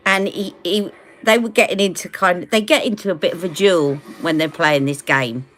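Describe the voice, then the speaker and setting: A woman's voice: fairly low pitch, normal speed, noisy background. A woman with a British accent hosting a casual beauty live stream, chatty and rambling, often laughing.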